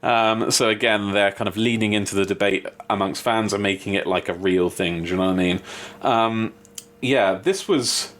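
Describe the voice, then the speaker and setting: A man co-hosting a podcast, chatting casually about wrestling, often laughing with sudden jumps in pitch. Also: normal speed, fairly bright tone. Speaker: podcast co-host. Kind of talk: casual wrestling review chat.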